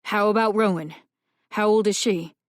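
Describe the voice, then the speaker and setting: A woman's voice: mid-range voice, normal speed, no echo, clean studio sound, natural voice. A woman voicing a male paramedic who steadily reassures an injured boy in an audiobook. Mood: reassuring. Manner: firm, reassuring, coaxing.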